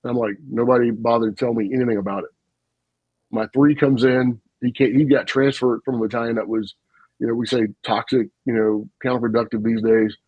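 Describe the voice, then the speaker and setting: A man, a retired army officer, telling stories in an animated, folksy way on a casual podcast. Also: mid-range voice, brisk, breathy edge, no room sound, dull audio. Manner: animated, folksy storyteller with frequent asides and laughs.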